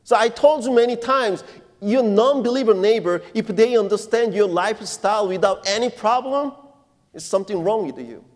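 A male pastor giving a sermon in non-native English phrasing, preaching deliberately and emphatically and putting questions to his congregation. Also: high voice. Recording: long reverb of a church hall.

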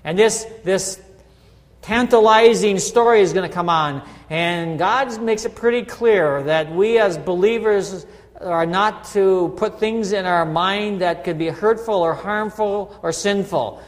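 High-voiced pastor preaching in a church. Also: male voice, unhurried, big-room sound. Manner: conversational, asks listeners "right?". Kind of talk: sermon. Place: church sanctuary.

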